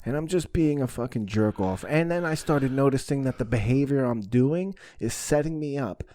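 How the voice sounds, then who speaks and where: A man hosting a podcast, telling a story in casual chat with lots of swearing and animated energy. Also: medium pitch, moderate pace. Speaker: podcast host.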